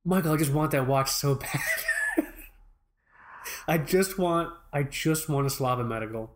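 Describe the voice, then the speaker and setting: A man's voice: fairly high pitch, unhurried, a little hiss or hum. A man co-hosting a podcast, telling a rambling, profane story in mock fury in casual chat. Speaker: podcast co-host.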